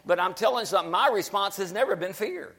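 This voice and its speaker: Male pastor, high voice, emphatic sermon delivery. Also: expressive, quick pace, a bit bright. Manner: emphatic, repetitive exhortation.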